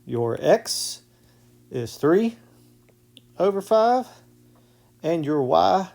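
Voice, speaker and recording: A man's voice: on the high side, sing-song, drawn-out words, creaky, a little mellow. A male math teacher walking through a casual whiteboard lesson step by step, often checking in with "okay?".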